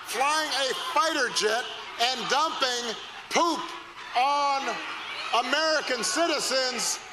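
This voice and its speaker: A man putting on a shrill, squeaky, mocking voice, shouting slowly away from the mic. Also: crowd noise, noisy background.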